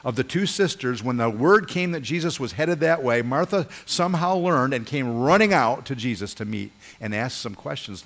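Earnest and lively in intonation, this male pastor delivers a sermon at a moderate pace with a slightly bright voice. He swells and drops his pitch and volume for emphasis while addressing the congregation head-on and asking them to join in.

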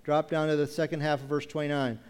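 A man preaching a sermon, posing repeated rhetorical questions and reading scripture aloud, slowing down to stress key phrases. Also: on the high side, flat delivery, clean tone. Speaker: pastor.

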